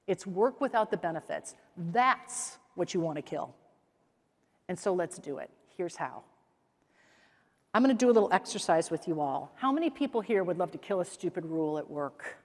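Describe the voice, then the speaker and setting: Her voice sitting on the low side, a middle-aged Midwestern American woman delivers a keynote from a conference hall stage. She spins energetic stories and performs the quoted voices of their characters, while the big room's long reverb trails behind her.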